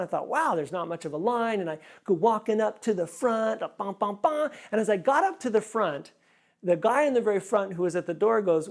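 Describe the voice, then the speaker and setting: A pastor giving an earnest sermon, often repeating words for emphasis. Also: male voice, high voice.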